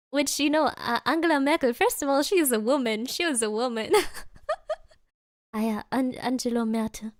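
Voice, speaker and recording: Brief: high-pitched German-native woman streamer, giggly reaction chat, dry close sound. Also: no echo. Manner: giggly, retells clips with quick put-on voices. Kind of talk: casual reaction commentary.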